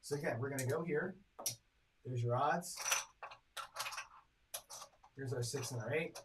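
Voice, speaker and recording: Guy streaming craps, calling rolls and doing the math out loud, noisy background with clicks. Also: mid-range voice, a little slow. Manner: chatty, reads dice rolls and tallies bets aloud; talks to chat viewers directly. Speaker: craps strategy host. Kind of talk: casual live-stream commentary.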